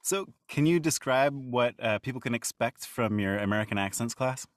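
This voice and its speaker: Male interview host, mid pitch, relaxed and chatty with fillers, dry close recording. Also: moderate pace, dry recording. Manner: friendly, loose, lots of filler "uh"s. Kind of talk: casual interview hosting.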